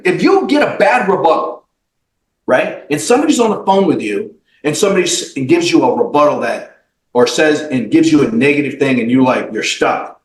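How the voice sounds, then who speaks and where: Man, podcast guest, company CEO, blunt motivational talk, swears, high lively voice, echoey room. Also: fairly quick. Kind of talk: podcast interview.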